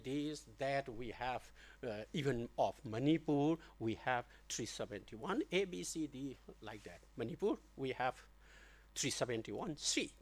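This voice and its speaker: A middle-aged man giving an academic lecture, deliberate and halting, with many fillers and restarts. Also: fairly high pitch. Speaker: guest lecturer. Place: lecture hall.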